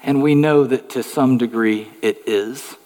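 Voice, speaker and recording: A pastor preaching an earnest sermon, building emphatic rhetorical questions. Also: male voice, mid-range voice, a little slow, darkish tone, in a large hall.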